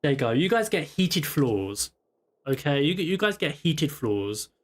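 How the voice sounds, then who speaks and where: A man's voice: on the high side, sing-song, a little slow. A man streaming a video game, chatting playfully and teasing in-game characters, often repeating himself. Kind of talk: casual gameplay stream chat.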